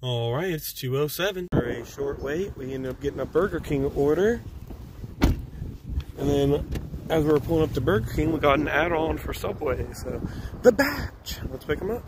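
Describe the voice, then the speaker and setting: A man's voice: on the high side, normal speed. A man who drives food deliveries, chatting and telling stories as he drives, and laughing often. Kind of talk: casual vlog narration. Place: in a car. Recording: car road noise.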